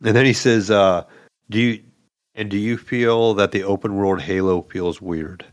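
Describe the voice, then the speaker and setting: A man's voice: on the low side, fairly even intonation, measured pace, no room sound, clean studio sound. A man co-hosting a gaming podcast in a laid-back way, reading out listener questions. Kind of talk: casual gaming podcast chat.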